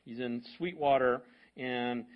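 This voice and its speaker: A male pastor telling a story in a sermon, in a conversational way that moves between hushed and loud. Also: mid-range voice, fairly even intonation, takes it slowly, muffled recording. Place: church sanctuary.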